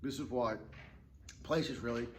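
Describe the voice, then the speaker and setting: A man who trains dogs, talking in a relaxed, rambling way and explaining tips casually with fillers and restarts. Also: mid-range voice, unhurried, noisy background. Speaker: dog trainer. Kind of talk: casual instructional talk.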